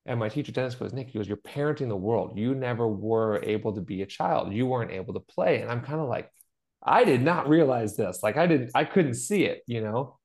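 A man's voice: medium pitch, lively intonation, fairly quick, darkish tone. A middle-aged man co-hosting a podcast, talking in an earnest, storytelling way and acting out the voices of the people he quotes. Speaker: podcast co-host. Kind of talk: conversational podcast chat.

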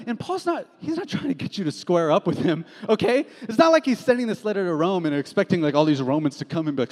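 A young man preaching a sermon as a pastor, casual and animated, telling stories with slang. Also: high voice, quick pace. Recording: long hall reverb.

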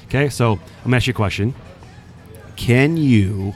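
Low-voiced man telling a story. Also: fairly quick, faint music behind. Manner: animated storyteller, acts out quoted voices. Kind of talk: casual storytelling chat.

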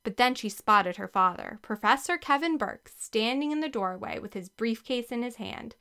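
A woman narrating a children's storybook with a lively, expressive reading. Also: a little high, moderate pace, smooth. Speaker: audiobook narrator.

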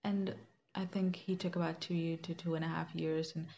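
A woman's voice: sits low, flat delivery, moderate pace, vocal fry, warm tone. A young woman sharing a personal faith story in an earnest, conversational way, with fillers and restarts. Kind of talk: reflective personal testimony. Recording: slightly muffled with faint background hiss.

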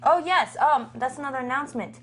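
A woman's voice: high voice, fairly quick, fairly bright tone, husky. A young adult woman co-hosting a podcast, casually and candidly reviewing a movie and laughing as she criticizes it. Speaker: podcast co-host.

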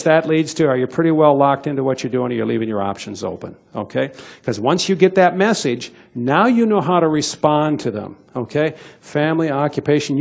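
A man's voice: mid-range voice, creaky, a little mellow. An older man giving a folksy, emphatic business seminar talk to a live audience, checking in with "okay?" after his points. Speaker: motivational business speaker. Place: event hall with live audience.

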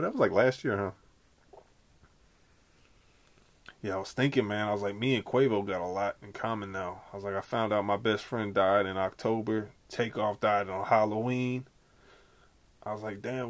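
Gravelly man rambling on a comedy podcast. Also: on the low side. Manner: rambling, slangy, jokey storytelling. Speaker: podcast host. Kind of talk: casual comedic podcast chat.

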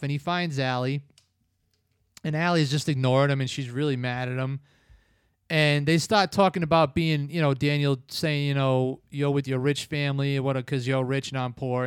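A man's voice: medium pitch, steady tone, a little fast, clean tone, no room sound, clean studio sound. A man casually recapping a film plot in a long, rambling retelling full of filler words. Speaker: film review podcast host.

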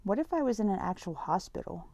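A woman narrating a first-person story in a steady, earnest tone. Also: mid-range voice, fast talker, no room sound.

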